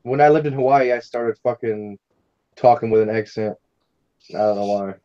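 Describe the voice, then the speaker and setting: A man co-hosting a casual chat, loud and jokey, telling stories. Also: medium pitch, normal speed, highs cut off. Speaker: co-host.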